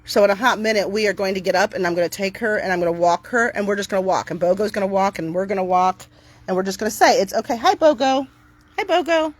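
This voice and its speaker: A woman's voice: medium pitch, steady tone, quick pace. Chatty woman talking outdoors to camera. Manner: chatty, talks to her dogs in a bright upbeat voice. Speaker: dog owner vlogger. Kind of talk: casual talk to camera. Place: outdoors on her property.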